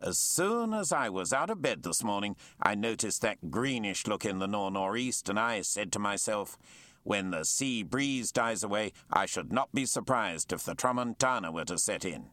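A man's voice: fairly low pitch, animated, moderate pace, bright, forceful tone, dry recording. A man voicing a genial male naval captain with hearty, old-fashioned courtesy.

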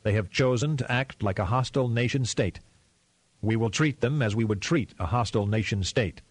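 A man reading the lines of a male president, speaking quietly in a clipped, menacing way, his anger held tightly under control. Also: mid-range voice, moderate pace, breathy edge, dry recording, close to an everyday voice. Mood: cold fury. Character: furious, grimly calm male president.

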